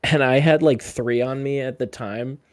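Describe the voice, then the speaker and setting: A young man co-hosting a podcast, teasing his friends with deadpan jabs in casual chat. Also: mid-range voice, normal speed, no echo, clean studio sound. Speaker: podcast co-host.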